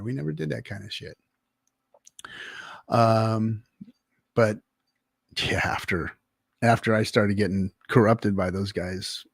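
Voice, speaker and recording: A man's voice: fairly low pitch, creaky, slightly rough, no room sound, clean studio sound. A middle-aged man from California, hosting a livestream and telling a rowdy, profanity-laced story between laughs and reading the chat. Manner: animated, swearing, laughing anecdote. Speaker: livestream host.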